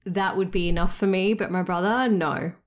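A woman chatting as a podcast co-host. She tells stories in a relaxed, dry, offhand way and laughs easily between lines. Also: lowish voice, moderate pace. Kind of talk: casual chat.

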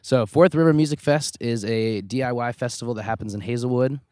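A man's voice: medium pitch, a little fast, a little mellow, no echo, studio quality. A man who is a musician guest on a podcast, chatting on a rooftop outdoors, upbeat and easygoing. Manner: upbeat, easygoing, laughs readily. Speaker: guest, musician and festival organizer. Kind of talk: casual chat. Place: rooftop outdoors over a city.

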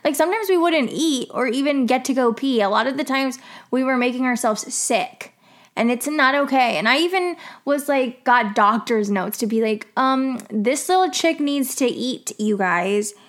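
A woman's voice: sits high, normal speed. A young woman telling a story about an old job in a casual, chatty way, full of "like" and swearing. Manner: chatty, lots of "like" and "you know", swears freely. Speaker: vlogger telling a work story.

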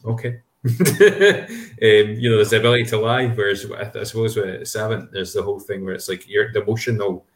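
A man with a somewhat low voice hosts a casual podcast chat. He talks haltingly and keeps restarting his sentences. His voice rings in a roomy, echoey space.

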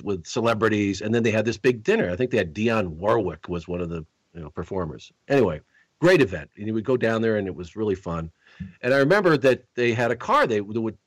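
A man with a lowish voice hosts a casual podcast from a close mic. He tells stories in a rambling way, restarting his sentences often, in a dry room. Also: no room sound. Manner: rambling, many restarts, chatty. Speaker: podcast host.

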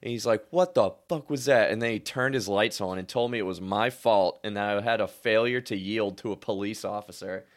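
A young man telling a story in casual chat, laid-back, heavy on filler words and swearing, getting animated as he retells it. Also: on the low side, brisk, few pauses.

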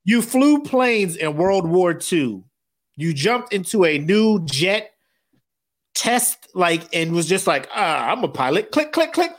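A man co-hosting a podcast in casual chat, profane and animated, acting out movie scenes in quick voices. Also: high-pitched. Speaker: podcast co-host.

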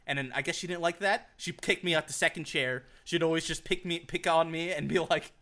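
Bright-voiced, high-pitched man telling stories. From Virginia, USA. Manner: profane, animated, quick to laugh. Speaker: podcast co-host. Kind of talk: casual chat, storytelling. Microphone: podcast mic on a group call.

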